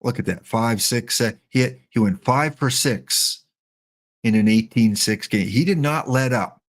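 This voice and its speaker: A middle-aged man giving chatty, joking live-stream commentary while playing a baseball sim, excited and wired on coffee. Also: mid-range voice, unhurried. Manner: chatty, joking, talks to chat bots.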